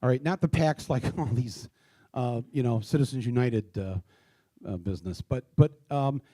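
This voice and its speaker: A man leading a town hall before a live theater audience, talking in a loose, halting way with many fillers and restarts. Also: medium pitch, dark tone.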